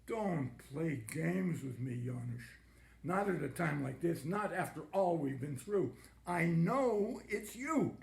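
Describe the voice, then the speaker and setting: A man's voice: fairly high pitch, lively intonation, slow, creaky, reverberant, heavily acted. A man reading the lines of a distraught elderly father, choked up and pleading.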